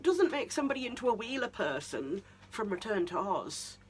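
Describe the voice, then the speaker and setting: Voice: mid-range voice, big pitch swings, moderate pace, a little hiss or hum. A vlogger giving a casual review monologue of a TV season, ranting and incredulous, with many restarts.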